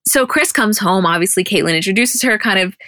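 This young woman talks in a bright, forward voice, recapping scenes in a relaxed, chatty way and swearing freely. The sound is dry and close, with no room around her. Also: mid-range voice, brisk, no echo. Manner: animated storytelling, quoting others in put-on voices, frequent swearing. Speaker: podcast co-host recapping episodes. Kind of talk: casual chat.

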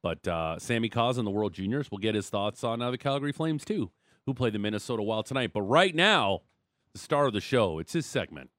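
A man's voice: fairly low pitch, very animated, a little fast, a bit bright, dry recording. Joking man hosting sports radio. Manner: joking, reads texts and ad reads. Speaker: radio sports show host. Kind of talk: casual radio banter. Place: radio studio.

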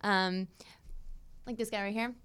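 A woman's voice: medium pitch, steady tone, a little slow, fairly bright tone, clear, resonant tone. A young woman from the United States hosting a casual chat, joking and laughing often. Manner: playful, laughs often, jokey. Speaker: podcast host.

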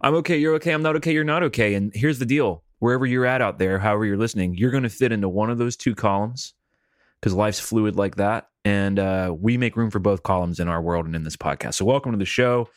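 A man's voice: fairly low pitch, quick pace, dry recording, studio quality. A man hosting a casual comedy podcast and telling rambling stories in a laid-back way. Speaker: podcast host.

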